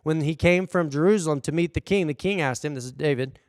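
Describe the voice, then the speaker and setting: A man preaching a sermon as pastor, animated, acting out the people he quotes. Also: a little high, fairly quick, clean tone, no echo, studio quality, big-room sound. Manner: animated, acts out quoted voices. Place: church hall.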